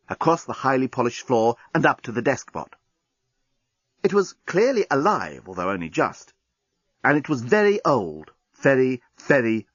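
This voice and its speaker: Male audiobook narrator, husky, very animated pitch, dull dry sound. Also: dry recording. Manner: lively comic storytelling. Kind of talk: scripted narration.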